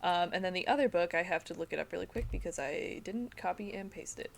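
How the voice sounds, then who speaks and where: A woman's voice: fairly low pitch, fast, gravelly. Chatty laughing woman podcaster. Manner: chatty, self-deprecating, laughs often. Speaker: podcast co-host presenting the topic. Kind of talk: casual podcast chat.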